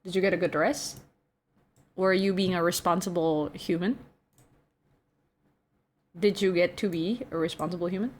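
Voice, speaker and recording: A young adult woman streaming, chatting casually with her viewers in a relaxed, drawling way, often saying "bro" and yawning. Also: on the low side, normal speed, long pauses. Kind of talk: casual chat with viewers, reading chat aloud.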